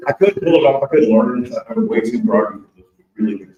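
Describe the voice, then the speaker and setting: A man's voice: mid-range voice, expressive, fast talker, lo-fi sound, background noise. A man, an author, tells a candid personal story to an audience and jokes along the way. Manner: candid, joking, conversational. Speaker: author giving a speech. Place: large event hall with an audience. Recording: echoey hall, voice from far off.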